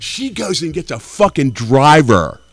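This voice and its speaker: A man's voice: on the high side, very animated, a little slow, dry recording. A man in his sixties from Tennessee, doing brash, profane stand-up at an open mic. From Nashville, Tennessee. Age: 60s. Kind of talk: stand-up comedy.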